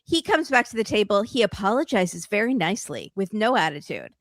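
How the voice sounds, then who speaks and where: A woman's voice: medium pitch, very animated, no room sound. Chatty sarcastic woman podcast host. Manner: chatty, sarcastic, quick asides. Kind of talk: casual chat recapping a reality show.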